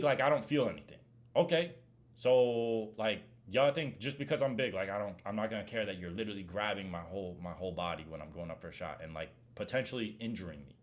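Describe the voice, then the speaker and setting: A young man streamer answering viewer questions in a casual, slang-heavy way, getting loud and heated as he rants. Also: on the low side, brisk. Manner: animated slang-heavy rant, gets loud when heated. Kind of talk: casual Q&A chat.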